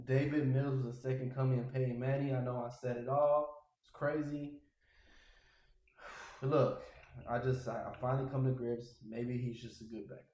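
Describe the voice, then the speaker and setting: A man hosting a casual sports podcast, ranting in an exasperated, animated way. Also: medium pitch, moderate pace, echoey room, rough recording. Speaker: podcast host.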